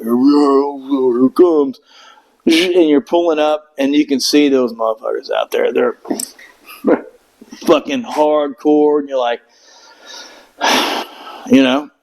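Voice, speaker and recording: Give me a middle-aged man telling a profane, meandering story in casual chat, his voice a touch higher than most men's. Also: steady tone, slow, long pauses, a little mellow, low-quality recording. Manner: profane, rambling, acts out quotes in raised voices. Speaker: Marine veteran guest.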